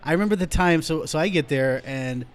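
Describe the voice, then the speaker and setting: A man's voice: a little high, fairly quick, smooth. A man hosting a podcast, casually chatting and telling stories in a mumbly, rambling way. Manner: mumbly, rambling storyteller with restarts. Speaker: podcast host. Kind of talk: casual chat.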